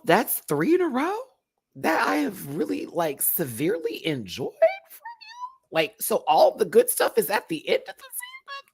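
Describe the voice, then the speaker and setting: A man hosting a live review stream in a campy, expressive, chatty manner, laughing often. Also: on the high side, a little hiss or hum. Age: adult, remembers childhood. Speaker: host reviewing a TV competition. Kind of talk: live-stream commentary chat.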